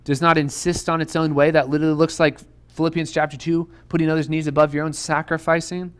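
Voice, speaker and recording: A young man preaches to students in an earnest, urgent way. He hammers home his point with repeated questions. His voice sits a little higher than most men's. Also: little pitch movement, quick pace, clear, resonant tone. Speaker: youth pastor. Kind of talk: sermon to students. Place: church youth room.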